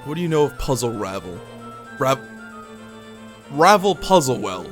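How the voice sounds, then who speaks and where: A man live-streaming a game playthrough, reading out its text and reacting loudly with swearing. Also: medium pitch, measured pace. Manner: excitable, swears at surprises. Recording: music playing under the voice.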